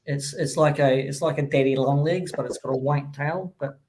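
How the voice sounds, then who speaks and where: A man's voice: medium pitch, steady tone, moderate pace, darkish tone, low-quality recording. A man hosting a casual chat, rambling with lots of ums and restarts. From New Zealand.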